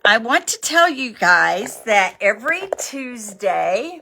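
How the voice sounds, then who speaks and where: A woman in her sixties with a faint Texas accent talks slowly and comfortably while she builds cards in her home craft room. She wanders off into friendly asides and jokes at her own expense, like a chatty live crafting host speaking to a camera on a stand. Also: mid-range voice, expressive, pushed and bright, a little hiss or hum. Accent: slight Texas. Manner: chatty, rambling, self-deprecating asides. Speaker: craft demonstrator. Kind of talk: live card-making demonstration. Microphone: camera on a long arm stand.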